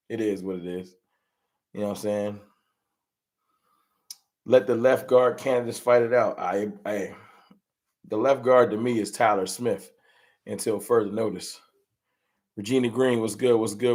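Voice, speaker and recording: A man's voice: mid-range voice, darkish tone. Laid-back man hosting a live chat. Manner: laid-back, greets chat members one by one. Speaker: livestream host. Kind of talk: casual livestream chat.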